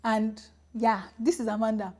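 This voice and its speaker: Here is a high, bright female voice with a Nigerian accent, quick and playful as she co-hosts a TV studio show. She banters with her co-host and keeps the segments moving. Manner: animated, laughing, playful asides. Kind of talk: lively studio chat.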